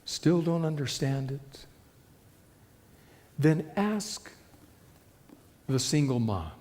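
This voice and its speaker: Slow, dramatic male preacher in a reverberant hall. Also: fairly high pitch. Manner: dramatic storytelling, dropping to hushed tones. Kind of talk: sermon. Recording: long reverb of a large hall.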